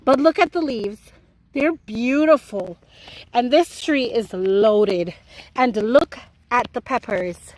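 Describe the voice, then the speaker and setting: A woman's voice: fairly high pitch, slow pace, darkish tone, poor audio. Chatty Jamaican woman in her garden. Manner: chatty, playful, drops into Jamaican patois. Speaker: home garden vlogger. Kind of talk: casual garden tour vlog. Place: outdoor home garden.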